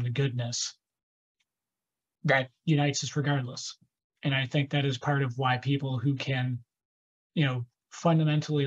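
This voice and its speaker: A man's voice: medium pitch, slightly rough, muffled recording. A man hosting a podcast in casual conversation, rambling along with many fillers and restarts. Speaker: podcast host.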